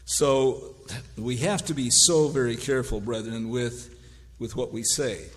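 A man preaching a sermon from the pulpit, his voice at an ordinary middle pitch. He reads long word lists slowly and breaks them with dry, wry asides. His voice hangs in a church hall with a long, ringing reverb. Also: steady tone. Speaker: pastor.

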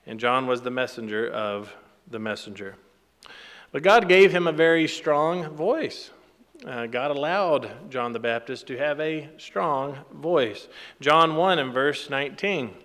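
A man's voice: mid-range voice, lively intonation, measured pace, fairly bright tone, in a large hall. A man teaching a sermon from the Bible, reading scripture aloud with rising emphasis and then explaining it plainly. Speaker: preacher.

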